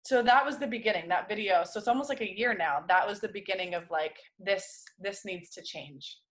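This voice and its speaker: A woman guest in an interview, speaking candidly in a halting, intense way. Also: medium pitch, fairly bright tone. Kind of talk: conversational interview.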